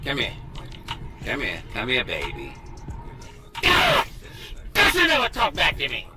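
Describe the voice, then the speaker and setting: A man's voice: a little high, very animated, measured pace, heavy background noise, voice pushed up. A man voicing a bossy, abusive father of a young boxer in a comedic skit, swinging between cursing threats and coaxing.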